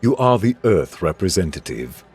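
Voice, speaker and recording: Male reader as stocky alien soldier: blunt, curious, low voice. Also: sing-song, moderate pace, darkish tone, breathy edge, soft background music, heavily acted. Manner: blunt questioning, plain phrasing.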